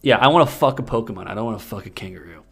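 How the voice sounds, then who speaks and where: Gravelly low-voiced man joking crudely. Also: rapid-fire. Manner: crude, joking, laughs often. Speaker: podcast co-host. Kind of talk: casual comedic chat, reading fan fiction aloud.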